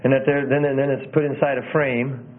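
A man's voice: mid-range voice, flat delivery, brisk. A man teaching about sermon delivery in a conversational way, often repeating phrases and correcting himself. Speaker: preaching instructor. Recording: tinny phone-like audio.

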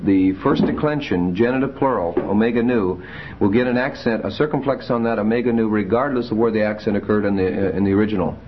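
A man teaching a Greek grammar class, explaining rules methodically with frequent pauses and fillers. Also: lowish voice, slight background noise. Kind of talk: classroom lecture. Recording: muffled lo-fi classroom recording.

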